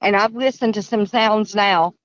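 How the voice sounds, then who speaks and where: A woman's voice: medium pitch, steady tone, moderate pace, no room sound. Caller: Kentucky woman, earnest, rambling, muffled dry line. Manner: earnest, rambling, repeats herself. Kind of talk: casual storytelling.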